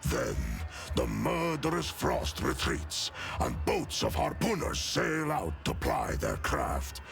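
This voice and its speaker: An actor voicing a proud giant male space-wolf warrior in a video game, with a slow, dramatic storytelling delivery. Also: huge pitch swings, full character voice. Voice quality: gravelly, booming. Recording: game audio with loud music.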